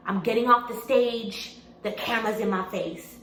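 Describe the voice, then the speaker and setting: A young woman telling a storytime testimony in an animated way, repeating phrases and rising into exclamations. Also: a little high, moderate pace. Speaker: vlogger. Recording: echoey room, faint background hum.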